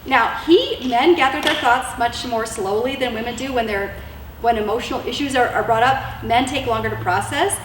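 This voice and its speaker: A woman giving casual, earnest marriage advice to wives, with lots of fillers and restarts. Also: high-pitched. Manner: chatty and earnest, many fillers and repeated words. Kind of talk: casual instructional talk. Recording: echoey room, mic at a distance, faint hiss.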